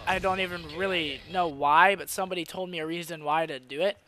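A young man giving casual commentary over his own gameplay, excitable, swearing a lot and laughing between rants. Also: sits high, fast talker. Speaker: gaming YouTuber.

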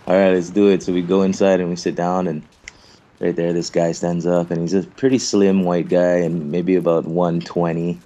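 Young dude, really deep voice, swears a lot, laughs while he tells stories. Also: little pitch movement, normal speed, warm tone, highs cut off. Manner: rambling, laughing, profane storyteller. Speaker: interviewed clan member. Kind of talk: casual storytelling chat.

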